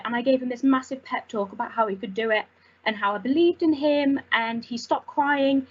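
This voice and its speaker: A young woman telling a personal story as a volunteer, earnest and halting with emotion. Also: high voice, slightly rough, dull audio. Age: young adult. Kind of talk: personal testimony.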